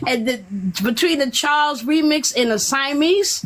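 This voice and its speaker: Female caller, middle-aged, giggly and animated; high-ish. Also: a little slow. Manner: laughing, animated storytelling. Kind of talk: casual phone-in chat.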